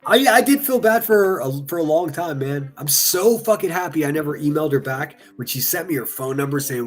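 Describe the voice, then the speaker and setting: A man's voice: on the high side, lively intonation, fairly quick, hardly any pauses, soft background music. A man doing casual reaction commentary, reading comments aloud in a sarcastic, mocking and profane way. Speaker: online commentary streamer.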